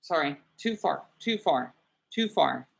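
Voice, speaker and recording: A man's voice: a little high, lively intonation, a little slow, creaky, fairly bright tone. Rambling, irritable man livestreaming. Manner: rambling and irritable, stumbles and repeats words. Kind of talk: livestream commentary reading comments aloud.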